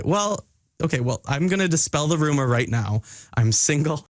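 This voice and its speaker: A man's voice: fairly high pitch, moderate pace, dry recording. A young American man in his twenties hosting a radio show in a studio, playful and giggly. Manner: giggly and playful, animated swings. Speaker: radio host. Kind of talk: lively radio presenting. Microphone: studio microphone.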